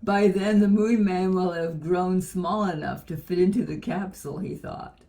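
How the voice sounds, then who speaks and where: A woman reading a children's book aloud in a gentle, measured way. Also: fairly low pitch.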